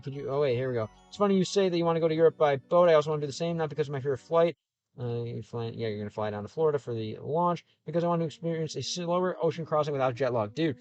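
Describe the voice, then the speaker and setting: A man's voice: a little high, lo-fi sound. A man streaming live, chatting casually as he reads out viewer comments in a rambling, easygoing way that often stops and restarts mid-sentence. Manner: rambling, self-interrupting, easygoing. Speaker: YouTuber streamer. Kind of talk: casual livestream chat reading comments. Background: faint game soundtrack music.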